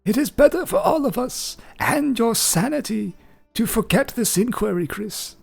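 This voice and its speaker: A man's voice: very high voice, expressive, moderate pace, vocal fry, a little mellow, husky, faint music behind, voice pushed up, full character voice. A man voicing a spry, menacing old man who speaks in a grand, theatrical way. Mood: ominous.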